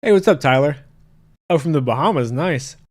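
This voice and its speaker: A man's voice: fairly high pitch, lively intonation, moderate pace. Crude joking male podcast host. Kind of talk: casual chat with live chat.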